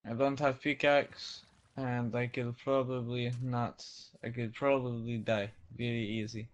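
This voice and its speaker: A man's voice: mid-range voice, level tone, measured pace, muffled recording. Chatty man narrating his gameplay. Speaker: let's play host. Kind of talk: casual gaming commentary.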